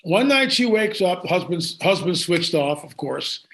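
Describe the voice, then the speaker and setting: A man speaks high in his register as he recounts a story for an interviewer. He talks excitedly, doubling back and restarting his sentences as he goes. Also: unhurried. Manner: excited, with frequent restarts and asides. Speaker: guest.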